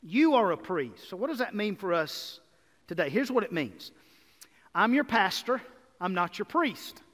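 A man preaching a sermon as pastor, energetic and building to emphatic repeated lists. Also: high-pitched, a little slow. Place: church sanctuary. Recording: reverberant hall.

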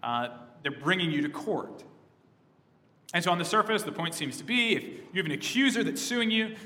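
Male pastor, sermon, bright forceful tone, slightly higher voice, echoing hall, urgent emphatic delivery. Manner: emphatic preaching, surging louder on key phrases and dropping soft on others.

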